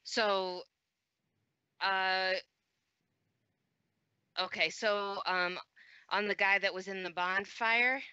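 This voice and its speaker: A playful woman talks slowly as she plays a tabletop game. Her voice is bright and sharp, and it sounds dry and a little dull. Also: medium pitch, fairly even intonation, clean tone, dry recording. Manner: giggly, playful. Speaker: player.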